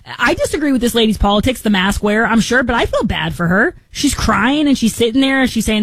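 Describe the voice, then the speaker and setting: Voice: medium pitch, lively intonation, fast talker, few pauses, a bit bright, no room sound, low-quality recording. A podcast co-host giving a passionate, rambling opinion in casual chat, often stopping to restart a thought. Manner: impassioned, rambling, self-interrupting.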